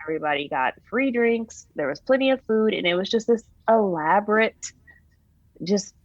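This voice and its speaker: A woman's voice: mid-range voice, lively intonation, normal speed, dry recording, dull audio. A woman being interviewed, candidly recounting her own story in a casual, conversational way with restarts and fillers.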